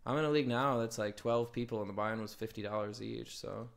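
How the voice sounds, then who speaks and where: A man's voice: mid-range voice, a little fast, gravelly. A young Midwestern man explains things in an easygoing way, with plenty of "like" between his words. He is co-hosting a casual podcast chat. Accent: Midwestern American. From Minnesota, USA. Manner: relaxed, explains with many "like"s. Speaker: podcast co-host.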